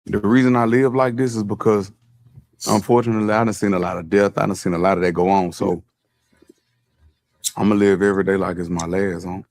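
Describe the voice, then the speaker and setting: A man appearing as a guest on an interview show, talking in a laid-back, unhurried casual way. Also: fairly low pitch, level tone, a little mellow.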